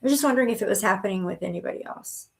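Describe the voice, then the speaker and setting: A woman's voice: medium pitch, rapid-fire, vocal fry. A middle-aged woman hosting a live stream of spiritual readings, chatting casually and reassuring viewers with pet names like honey and sweetheart. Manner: chatty with frequent restarts and fillers.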